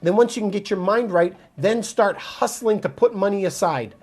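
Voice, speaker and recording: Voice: medium pitch, moderate pace, a little mellow, slightly rough. A realtor from Montreal, Canada, answering viewers' comments on a phone livestream in a direct, casual, motivational way. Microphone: phone mic.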